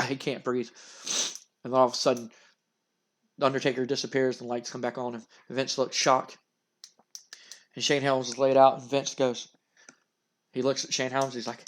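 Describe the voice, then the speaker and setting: A man casually narrating a wrestling management game, excitable and full of fillers. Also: medium pitch, normal speed, pauses often. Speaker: gamer narrating a wrestling sim.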